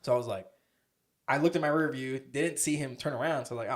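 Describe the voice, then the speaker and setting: A man's voice: medium pitch, fast. A young man co-hosting a podcast, telling a story in a casual, profane, rambling way. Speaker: podcast co-host.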